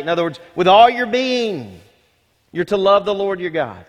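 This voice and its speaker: A male pastor delivers a sermon in a high voice, pressing each point with repeated words and rhetorical questions. His voice rings out with a long reverb, as in a large church hall. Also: big pitch swings, normal speed, lo-fi sound. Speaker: senior pastor.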